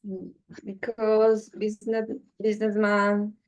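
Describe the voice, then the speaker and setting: A woman student answering slowly and hesitantly in a class. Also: medium pitch, flat delivery, a little mellow, poor audio. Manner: hesitant, with fillers.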